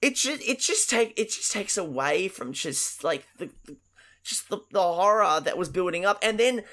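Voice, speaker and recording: A man co-hosting a podcast, talking casually about films in a rambling, profane, excitable way, full of restarts. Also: high-pitched, normal speed. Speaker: podcast co-host. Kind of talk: casual film discussion.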